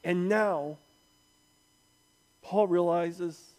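Male preacher, slow deliberate delivery, pauses for effect. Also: high voice, darkish tone. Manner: slow, emphatic, with dramatic pauses and quoted voices. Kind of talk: sermon.

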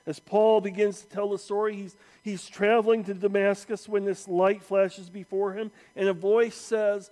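A man preaching a sermon, slow and emphatic, with dramatic pauses and acted-out quotes. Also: high-pitched, flat delivery, a little mellow.

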